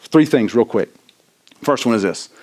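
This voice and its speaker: A middle-aged man preaching a sermon in a church, animated and self-deprecating, often tossing in "right?" to the congregation. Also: medium pitch, normal speed. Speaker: pastor. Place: church sanctuary.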